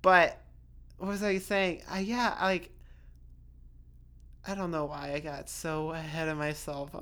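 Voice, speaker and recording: A woman's voice: low-pitched, little pitch movement, measured pace, long pauses, a bit bright. A young woman talking casually on her solo podcast, rambling and swearing freely, full of "like" and restarts. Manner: chatty, swears freely, self-interrupting with lots of "like". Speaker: podcast host.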